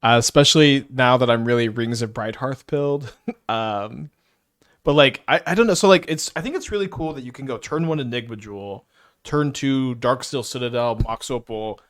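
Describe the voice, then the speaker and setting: A man's voice: medium pitch, normal speed, a bit bright, dry recording, studio quality. A man giving casual live commentary while playing a card game, stuttering and restarting often as he thinks aloud. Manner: stutters, many restarts and fillers.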